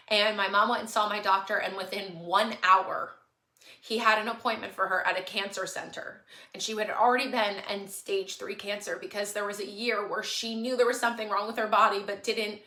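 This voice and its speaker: A woman talks straight to her followers on a livestream, earnest and close to tears. Her voice is bright and pressing, and she repeats herself to drive the point home. The room has an echo. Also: medium pitch. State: tearful, on the verge of crying. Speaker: online shop owner on a livestream. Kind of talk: emotional livestream monologue to followers.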